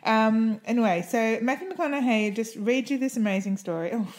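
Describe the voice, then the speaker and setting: A woman co-hosting a podcast in casual chat, giggly and quick to correct herself. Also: fairly high pitch, animated, a little mellow. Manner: chatty, giggly, self-correcting. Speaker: podcast co-host.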